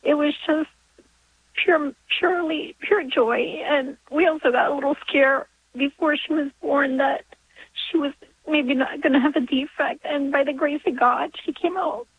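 A woman in her forties from New York, calling in to a radio show, emotional and near tears, halting, with nervous laughs and restarts. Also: high voice. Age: 40s. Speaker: caller. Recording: phone line.

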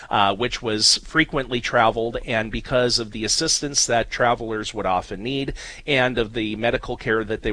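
Guy co-hosting a catholic chat show, bright voice, dry studio sound, lots of um and uh. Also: medium pitch, dry recording, poor audio. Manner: explanatory, spells out names, frequent fillers. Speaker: co-host. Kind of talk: casual radio-style chat.

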